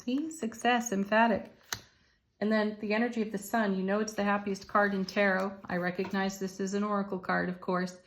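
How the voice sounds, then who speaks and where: A woman giving an intuitive tarot card reading to her viewers, soothing and encouraging, with soft laughs. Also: mid-range voice, flat delivery, fairly quick. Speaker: tarot reader.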